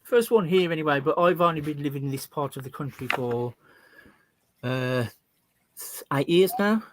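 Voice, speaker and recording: A middle-aged man from England with a West Midlands accent, chatting as a guest over a video call in a halting, self-deprecating way with many restarts. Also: fairly high pitch, lively intonation, noisy background. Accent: West Midlands English. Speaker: guest YouTuber. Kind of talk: casual video-call chat.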